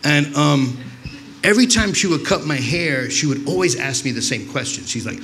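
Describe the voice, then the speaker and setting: On stage, a comedian from New York spins profane, meandering stand-up stories full of self-interruptions and restarts. His mid-range voice is expressive and a bit bright, and he talks at a quick pace.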